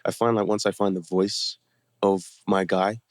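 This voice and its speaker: A man's voice: low voice, flat delivery, normal speed, no room sound, studio quality. A man with a British accent, an actor guest in a podcast interview, easygoing and joking, laughing often. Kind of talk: casual interview chat.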